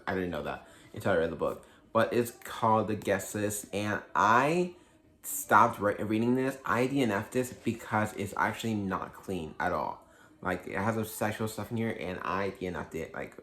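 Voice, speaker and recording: Male book vlogger, slightly low voice, loose chatty delivery with constant fillers and self-corrections. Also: fairly bright tone. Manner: rambling, heavy use of "like", frequent restarts. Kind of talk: casual book review vlog.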